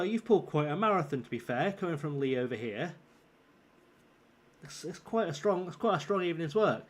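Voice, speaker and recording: Tired northern-accented man streaming a game. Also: sits high. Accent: northern English. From southern England. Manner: chatty, swearing, teasing viewers. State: tired with a sore throat forming. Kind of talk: live gameplay commentary and chat.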